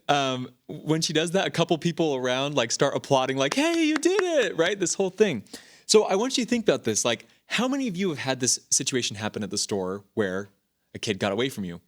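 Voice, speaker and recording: A man's voice: fairly high pitch, a little fast. A man in his thirties hosting a podcast, telling personal stories in a casual, rambling way with frequent restarts and fillers. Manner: rambling, animated storytelling with many restarts. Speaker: podcast host. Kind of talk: casual talk.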